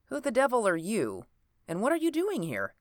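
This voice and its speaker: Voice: mid-range voice, wildly swooping pitch, moderate pace, no echo, pitched above the performer's own voice. A reader voicing a burly male doctor who talks grimly and tersely, in a dry close recording. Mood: gruff. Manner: grim, terse. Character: burly doctor, man, gruff and decisive.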